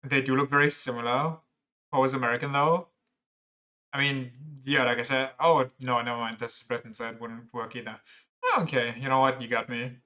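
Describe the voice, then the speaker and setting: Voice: mid-range voice, level tone, brisk, sharp tone. A streamer playing through a story game, reading lines aloud and joking about the characters. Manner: joking, reads dialogue aloud plainly. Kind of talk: game playthrough commentary.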